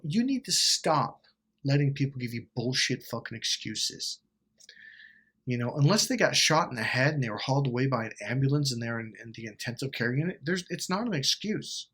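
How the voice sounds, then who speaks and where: A man's voice: medium pitch, a bit bright, husky. A man coaching viewers in a vlog, blunt and emphatic, swearing freely and acting out quoted exchanges in shifting voices. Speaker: life coach. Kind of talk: direct-to-camera advice vlog.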